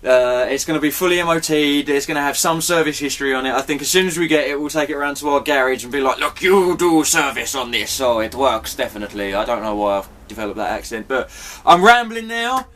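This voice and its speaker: A man's voice: on the high side, animated, quick pace, hardly any pauses, fairly bright tone. A man giving a rambling, apologetic vlog update, chatty and swearing now and then. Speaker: vlogger.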